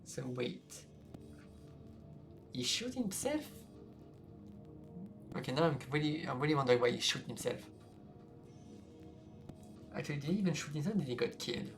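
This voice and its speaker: A man's voice: fairly high pitch, very animated, normal speed, long pauses. A man streaming a game, reading the story aloud with reactions along the way, with game music behind. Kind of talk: reading a visual novel aloud with commentary.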